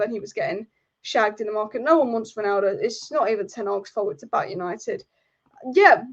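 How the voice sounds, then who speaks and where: Fuming high-voiced woman ranting on a live stream. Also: fairly bright tone, dull audio. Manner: furious, exasperated, repeats herself. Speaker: football channel host.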